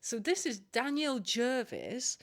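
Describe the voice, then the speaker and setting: A woman co-hosting a podcast in a higher register. She teases her co-host and giggles often, keeping the chat loose and playful. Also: huge pitch swings, unhurried. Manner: teasing, giggly. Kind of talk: casual chat.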